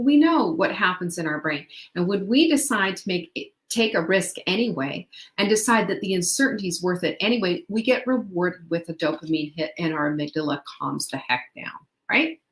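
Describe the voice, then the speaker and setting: A woman's voice: fairly low pitch, a bit bright, reverberant. A middle-aged woman hosting a motivational podcast, upbeat and chatty, full of rhetorical questions. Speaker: podcast host. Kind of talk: motivational talk.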